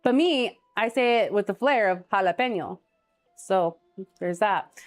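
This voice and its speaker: A woman's voice: mid-range voice, animated, measured pace, soft background music. A woman hosting a live cooking stream, chatting casually and telling stories while she cooks and reads viewer comments aloud.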